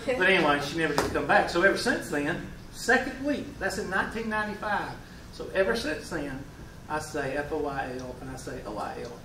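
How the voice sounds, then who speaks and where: A man with a Southern US accent teaches math in a relaxed, joking way, often tossing questions at the class. His voice is bright and a little high. The recording picks him up from across a roomy classroom, with faint hiss. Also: brisk, hardly any pauses. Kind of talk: classroom lecture. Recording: roomy classroom, mic far away.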